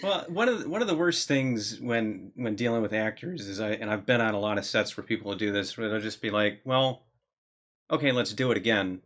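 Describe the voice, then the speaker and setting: Male podcast host and director, lowish bright voice, thoughtful conversational delivery. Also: fairly quick, hardly any pauses. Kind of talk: casual podcast chat.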